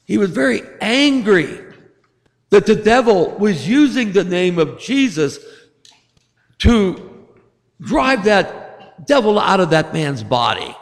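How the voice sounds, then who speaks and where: A man's voice: high-pitched, very animated, slow pace, pauses often. A male pastor giving a sermon, telling stories and acting out voices with rising emphasis. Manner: storytelling preacher, acts out voices with rising emphasis. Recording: long hall reverb.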